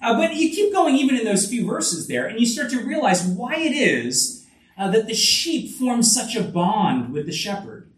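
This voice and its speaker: Male preacher, earnest sermon, lively swooping pitch, echoey hall. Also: moderate pace. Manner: earnest, with frequent restarts and lively rises in pitch. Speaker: pastor. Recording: echoey room, voice from a distance.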